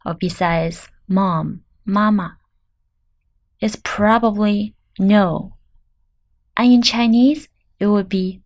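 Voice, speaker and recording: A woman teaching beginner Chinese, repeating each word slowly and clearly for the learner. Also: medium pitch, fairly even intonation, darkish tone. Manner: clear, deliberate pronunciation drills. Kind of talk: slow language lesson.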